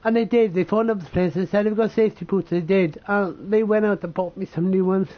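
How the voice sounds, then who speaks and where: A man from the United Kingdom telling a painful personal story, halting, tearful and swearing as he talks. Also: high-pitched, steady tone, highs cut off. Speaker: vlogger.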